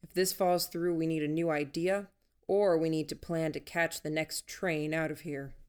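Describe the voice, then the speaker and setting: A woman narrator voicing a cautious, practical man who keeps a group together, in a calm measured way. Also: sits low, clean tone, natural voice. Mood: steady.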